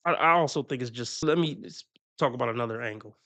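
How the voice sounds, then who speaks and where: A man's voice: mid-range voice, quick pace, bright, forceful tone. A man giving casual, profane reaction commentary on a stream, chuckling often as he talks through his opinions.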